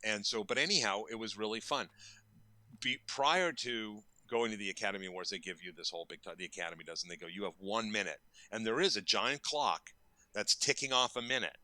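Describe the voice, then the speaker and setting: A man's voice: on the low side, brisk, pushed and bright, no echo. A man in his fifties, a makeup effects artist, telling stories casually in an interview and acting out quoted lines with bursts of energy.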